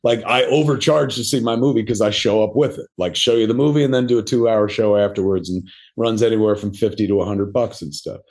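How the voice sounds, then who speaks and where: A man's voice: lowish voice, quick pace, darkish tone. A middle-aged man talking as a podcast guest, telling rambling, profane, self-deprecating stories in a casual interview, full of fillers. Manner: profane, rambling anecdotal delivery with many fillers.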